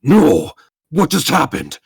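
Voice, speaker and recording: A man voicing a furious scheming male warrior foe who shouts in outrage. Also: a little high, wildly swooping pitch, slow pace, creaky, husky, no echo, clean studio sound, voice pushed up, full character voice. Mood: outraged.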